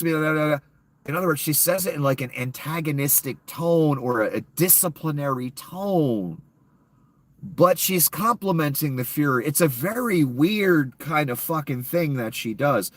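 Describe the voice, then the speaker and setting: A man's voice: fairly high pitch, no echo. A man with a cold ranting sarcastically and profanely as a YouTube commentator, in a casual off-the-cuff style. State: ill, coughing.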